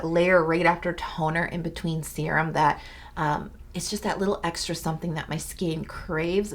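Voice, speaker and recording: A young woman talking through her morning skincare routine at home in a chatty, rambling vlog, full of fillers. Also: on the low side. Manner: bubbly, rambling, lots of fillers. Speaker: beauty vlogger. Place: home, indoors.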